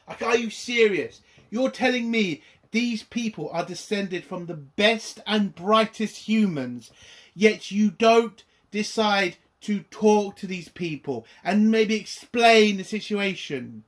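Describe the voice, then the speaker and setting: A man's voice: sits high, expressive, slow. A man reviewing a TV episode in an angry, exasperated rant, swearing often. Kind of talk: ranting video review.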